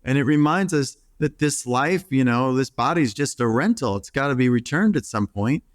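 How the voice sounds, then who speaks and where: A middle-aged American psychotherapist gives a reflective, earnest interview, often restarting his sentences and acting out the voices of people he quotes. His mid-range voice has lively intonation and a moderate pace, recorded at studio quality with no room sound.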